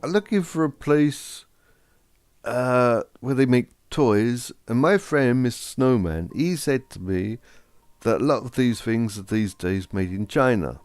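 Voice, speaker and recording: A man's voice: medium pitch, expressive, unhurried, a little mellow, dry recording. A man voicing Father Christmas as a puzzled, earnest old man asking for help. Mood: worried. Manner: earnest, questioning.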